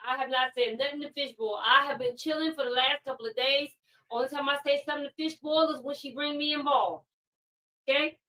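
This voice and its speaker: A woman hosts a live stream in a high, bright voice, ranting with fiery energy and circling back to the same pointed questions again and again. Her voice sounds a little distant from the mic. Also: fairly even intonation, a little fast. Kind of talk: heated live-stream commentary.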